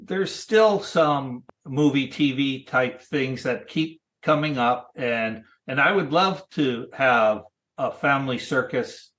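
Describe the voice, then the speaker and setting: A man in his sixties, a cartoonist guest, chatting casually in a thoughtful, halting way with many restarts. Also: medium pitch, a bit bright. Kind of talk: casual interview chat.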